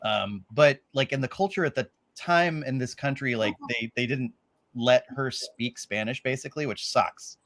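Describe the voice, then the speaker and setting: Relaxed, hesitant man guest. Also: medium pitch, moderate pace. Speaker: podcast guest. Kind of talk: casual live podcast chat.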